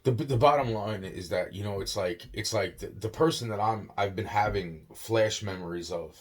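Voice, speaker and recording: A man's voice: on the low side, moderate pace, breathy edge. A young man rambling on in a casual monologue, swearing often, yawning and tired. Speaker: vlogger.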